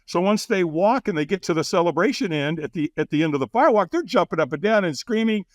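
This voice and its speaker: A man with a high voice talks fast as a podcast guest, energetically telling a story in conversation. He laughs a lot and acts out the voices of people he quotes. The recording is studio quality with no echo.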